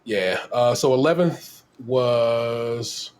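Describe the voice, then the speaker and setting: A man's voice: medium pitch, very slow, a little mellow, a little hiss or hum. A man hosting a podcast in casual chat, laid-back and slangy, swearing freely and laughing often. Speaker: podcast host.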